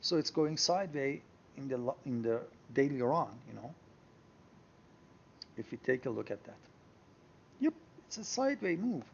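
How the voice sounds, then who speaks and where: A man teaching a software screen-share tutorial, explaining step by step and thinking aloud as he clicks through charts. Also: mid-range voice, very animated, moderate pace, creaky, pauses often, slightly rough, highs cut off. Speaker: trading software instructor.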